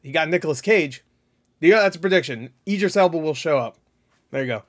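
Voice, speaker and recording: A young man with a somewhat high voice talks through his gaming predictions in a loose, rambling way. He piles on fillers and restarts. He swears casually as he goes. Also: lively intonation, brisk. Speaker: gaming channel host. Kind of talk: casual solo predictions talk.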